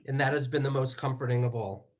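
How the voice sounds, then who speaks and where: A man giving measured remarks as a son at a memorial, moving through slow, deliberate lists. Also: medium pitch, fairly even intonation. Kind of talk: eulogy remarks.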